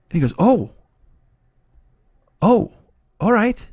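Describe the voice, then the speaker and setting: This middle-aged podcast host has a high-sitting, husky, slightly mellow voice with big swings in pitch. He tells a story in a casual, rambling monologue, swearing often and restarting his sentences. The studio sound is clean, with no echo.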